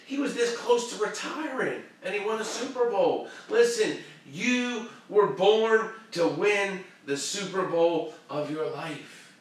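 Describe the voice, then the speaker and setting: A man hosting a show and giving a fervent, preachy motivational pep talk that swings from shouting to hushed tones. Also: high voice, expressive, slow pace, hardly any pauses, heavy reverb, recorded from a distance, slight background noise. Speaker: motivational live-stream host.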